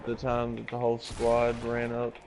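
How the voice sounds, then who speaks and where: A man telling a story in a halting, laid-back way, full of fillers. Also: mid-range voice, monotone, over a noisy crowd. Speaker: friend on a gaming stream. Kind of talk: casual storytelling.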